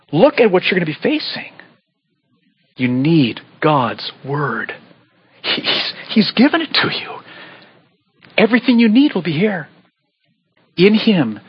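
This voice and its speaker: A man preaching a sermon as pastor, earnest and pleading, with sudden animated bursts. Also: fairly high pitch, husky, dull audio. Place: church sanctuary.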